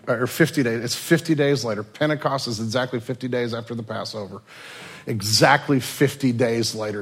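A male pastor preaching a sermon, telling stories with lively swings between loud and quiet passages. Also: medium pitch, slightly rough.

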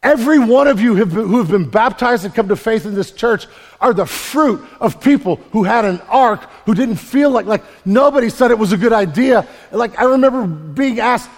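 A pastor preaching an emphatic sermon in a church, often repeating words and swinging from loud to quiet. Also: male voice, high-pitched, lively intonation, moderate pace. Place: church sanctuary. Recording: long hall reverb.

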